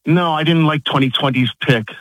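A man calling into a radio show, defensive and sarcastic as he argues with the host. His voice sits slightly high. The sound is close and dry. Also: moderate pace, no echo, rough recording. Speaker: caller. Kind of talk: call-in radio conversation.

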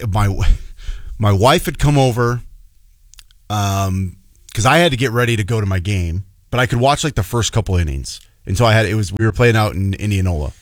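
A man's voice: on the low side, moderate pace, no echo, clean studio sound. A man in his thirties from the Chicago area, co-hosting a talk show and telling stories in an earnest, emotional way. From Chicago area, Illinois. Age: 30s. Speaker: radio show co-host. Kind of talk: casual chat.

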